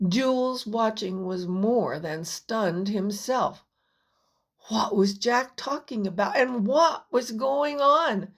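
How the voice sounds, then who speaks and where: A woman reading her own children's fantasy story aloud as an audiobook. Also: a little high. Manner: slow, unhurried storytelling. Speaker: author and narrator. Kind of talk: audiobook narration.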